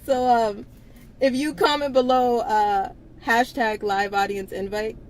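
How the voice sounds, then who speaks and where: A woman's voice: a little high, fairly even intonation, a little slow, a little hiss or hum, poor audio. A woman hosting a casual livestream, talking bluntly with frequent swearing and laughter. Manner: blunt, profane, laughs often between lines. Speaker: livestream host.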